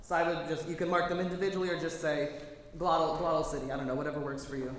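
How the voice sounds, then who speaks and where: Choir director, male, high voice, chatty and detailed, long hall reverb. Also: level tone, fast. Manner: chatty, detailed, self-correcting. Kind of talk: choir rehearsal instruction. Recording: echoey hall, faint noise.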